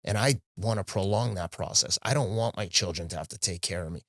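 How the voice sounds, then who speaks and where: A man's voice: low-pitched, fairly quick, no room sound, studio quality. A middle-aged man, a guest on a podcast, speaking candidly in casual conversation and often acting out what he said to himself and others. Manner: candid, animated storyteller who quotes himself. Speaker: podcast guest, marathon runner.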